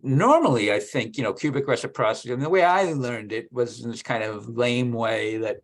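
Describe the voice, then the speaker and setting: A man in casual technical conversation, thinking aloud about mathematics, with halting restarts. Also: medium pitch. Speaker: mathematician discussing research.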